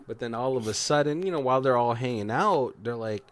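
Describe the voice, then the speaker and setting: A man's voice: medium pitch, animated, fairly bright tone. Rambling man recapping a movie. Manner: rambling, swears freely, acts out quotes in quick voices. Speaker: podcast co-host. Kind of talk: casual movie commentary chat.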